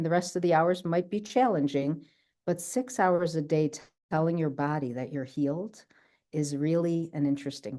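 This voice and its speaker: A woman's voice: low-pitched, warm tone. A woman telling her own healing story in a chatty way, often checking in with the listener. She is speaking on a video call. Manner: chatty, keeps checking in with "right?". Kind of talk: casual talk on a video call.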